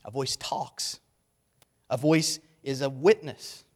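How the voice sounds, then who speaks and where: A man's voice: medium pitch, takes it slowly. A man preaching a sermon, earnest and emphatic, often repeating key words for weight.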